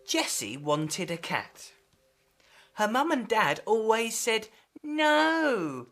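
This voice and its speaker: A woman presenter reading a storybook aloud to children, expressive and emphatic. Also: mid-range voice, slow, soft background music.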